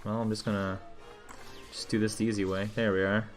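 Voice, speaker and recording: A man's voice: lowish voice, flat delivery, a little fast, faint music behind. A young man streaming a video game, muttering casual, profane, sarcastic commentary as he plays.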